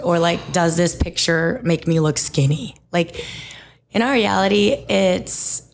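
Low, gravelly-voiced chatty woman. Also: slight background noise. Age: young adult. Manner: rambling, heavy use of "like" and "um". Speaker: guest, fitness instructor and studio owner. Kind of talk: casual conversation.

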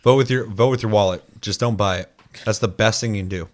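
A man in casual chat, loose and profane, rambling with lots of fillers and quick mimicked asides. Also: fairly low pitch.

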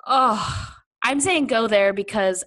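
A woman's voice: fairly high pitch, slow pace, fairly bright tone, rough recording. A woman in casual chat, talking in a rambling way full of fillers and little laughs. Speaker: guest.

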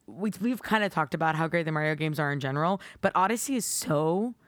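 A woman's voice: low voice, lively intonation, quick pace, dry recording, clean studio sound. Bubbly woman podcast co-host. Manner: bubbly, laughs often, playful sound effects. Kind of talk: casual chat.

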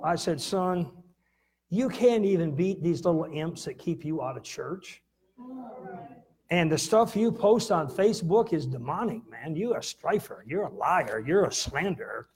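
A middle-aged pastor telling a folksy, laughing story in a sermon, with sudden loud bursts. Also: male voice, on the high side, animated, normal speed, husky.

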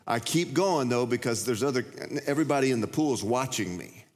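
Middle-aged pastor preaching, tells stories, does the voices, big church hall echo. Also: male voice, medium pitch, moderate pace. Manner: storytelling, acts out voices and shouts. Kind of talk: sermon. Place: large church.

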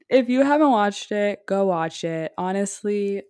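Loud, fast-talking young woman chatting. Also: mid-range voice, animated. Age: young adult. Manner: fast-talking, goes on tangents. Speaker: podcast co-host. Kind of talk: casual chat.

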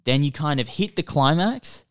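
A man co-hosts a casual podcast, walking through a film's plot in an animated, rambling way. His voice is smooth and clear, recorded close and dry with no room sound. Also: on the high side, normal speed, no echo. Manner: rambling, animated storytelling with filler words. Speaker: podcast co-host. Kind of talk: casual film chat.

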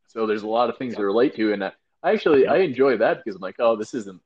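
A man's voice: medium pitch, animated, fast, darkish tone, slightly rough, highs cut off. A man co-hosting a casual chat, rambling with many fillers and acting out quotes. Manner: rambling, lots of fillers and acted-out quotes, laughing. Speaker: podcast co-host.

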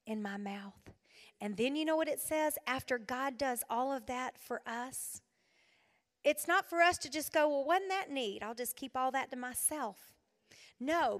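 A middle-aged woman preaching to a women's gathering, animated, swinging between loud exclaiming and hushed soft passages. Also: on the high side, big-room sound. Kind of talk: sermon. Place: hall addressed to an audience.

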